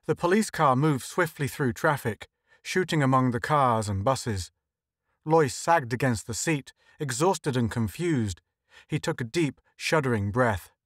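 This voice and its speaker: A man narrating a story in a measured, even audiobook reading. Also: mid-range voice, no room sound, studio quality. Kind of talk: scripted narration.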